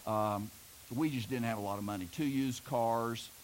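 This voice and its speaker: A man's voice: mid-range voice, normal speed, slight background noise, rough recording. A middle-aged man from Oklahoma preaching a sermon, telling homespun stories and joking with the congregation. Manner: folksy storytelling, jokes with the congregation. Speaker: pastor.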